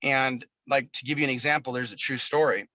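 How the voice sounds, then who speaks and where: A man's voice: medium pitch, brisk, sharp tone, no room sound. A man being interviewed over a video call, chatting casually as a musician guest, telling long stories in a loose, profane way. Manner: profane, rambling storyteller.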